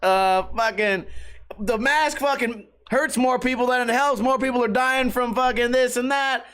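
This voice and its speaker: A man's voice: extremely high pitch, steady tone, moderate pace, a bit bright, clear, resonant tone, pitched above the performer's own voice. A man playing a chatty male auto-parts clerk who rants on and on at a customer. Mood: ranting. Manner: ranting, pushy.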